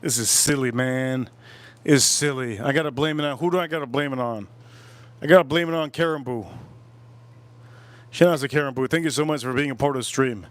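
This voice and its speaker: A man's voice: medium pitch, a little fast, pauses often, a bit bright, no room sound. A man hosting a casual livestream while drinking, rambling, repeating himself, and cracking crude jokes. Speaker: livestream host.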